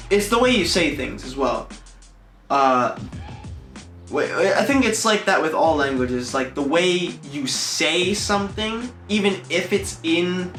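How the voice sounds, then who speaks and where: Young man, New York accent, casual video lesson, slow loose delivery, echoey room, faint music. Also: on the high side, a bit bright. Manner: loose, chatty, acts out example phrases, many "like" fillers. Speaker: English teacher on a video channel.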